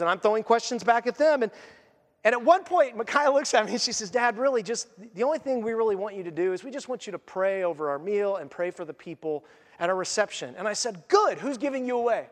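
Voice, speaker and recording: A middle-aged male pastor preaches with a strikingly high voice, jumping into the voices of the people he quotes. His words ring out with the long reverb of a big church hall. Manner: animated, acts out quotes, restarts often. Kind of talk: sermon.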